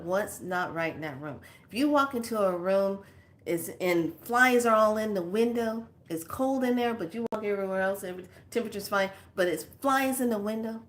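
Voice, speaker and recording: A woman talks casually as a spiritual teacher, telling a story with lively, slangy energy. Her voice sits at an ordinary middle pitch, and she slips into acted-out voices as she goes. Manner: animated, slangy, acts out voices.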